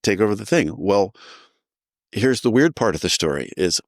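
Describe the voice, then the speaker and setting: A middle-aged man tells a long personal story in a low, close, dry voice. He is animated and jumps into the voices of the people he quotes. It sounds like relaxed conversation rather than a prepared talk. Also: normal speed, dry recording. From New Jersey. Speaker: guest sharing recovery story. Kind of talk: casual storytelling.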